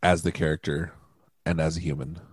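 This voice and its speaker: A man's voice: a bass voice, level tone, a little fast, slightly rough, dry recording, clean studio sound. A man chatting casually on a podcast, offhand and laughing often. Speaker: podcast co-host. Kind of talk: casual chat.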